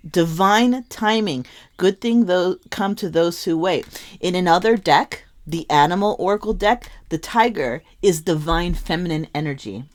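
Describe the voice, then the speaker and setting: Emphatic woman tarot reader, low voice. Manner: emphatic, emotional, swings from muttering to impassioned urging. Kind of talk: intuitive tarot reading to camera.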